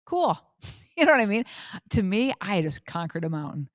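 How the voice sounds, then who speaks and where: A woman's voice: mid-range voice, fairly quick, dry recording. Candid fifty-something woman podcaster, dry sound. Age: 50s. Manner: candid, animated storytelling with repetition. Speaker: podcast host. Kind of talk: casual faith talk.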